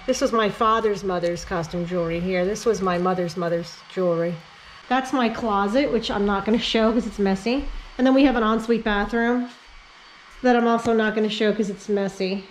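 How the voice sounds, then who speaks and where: A woman's voice: mid-range voice, normal speed, a little hiss or hum, low-quality recording. A middle-aged woman giving a casual home tour vlog in her house, chatting to viewers as she walks from room to room. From New York, Catskills area. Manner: chatty, talks baby-talk to her dogs. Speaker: home vlogger. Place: home interior, house rooms.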